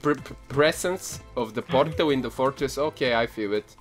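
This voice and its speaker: A man's voice: mid-range voice, moderate pace. A young man casually bantering while playing a game, playful and giggly, reading game text aloud. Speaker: gaming YouTuber host. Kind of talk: casual multiplayer gaming banter. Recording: game music playing behind.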